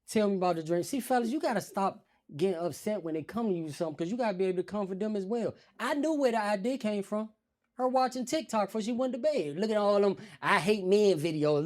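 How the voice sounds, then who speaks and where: A man doing stand-up storytelling on a comedy stage, acting out quotes in a raised voice. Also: high-pitched. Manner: animated, acts out quotes in raised voice.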